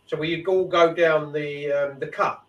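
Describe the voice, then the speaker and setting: A man's voice: a little high, steady tone, measured pace, a bit bright, lo-fi sound. Sweary man telling stories. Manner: swearing, rambling storyteller. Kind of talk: casual chat. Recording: echoey room, mic far off.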